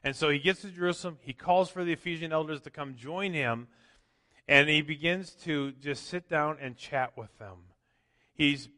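A man preaching a sermon as pastor, swinging from loud emphatic lines to quiet asides. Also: fairly high pitch. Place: church. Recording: long church hall reverb.

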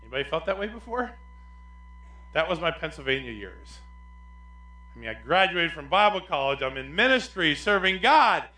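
Animated preaching pastor, man, in echoey church. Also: a little high, normal speed, long pauses. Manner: animated, swings between loud emphasis and quiet asides. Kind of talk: sermon.

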